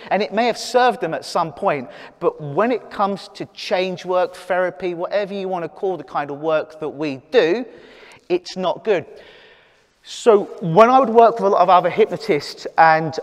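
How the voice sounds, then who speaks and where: Blunt, high-voiced male hypnotist. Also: moderate pace, in a large hall. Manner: blunt, animated, laughs at own points. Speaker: clinical hypnotist. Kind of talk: live talk to an audience.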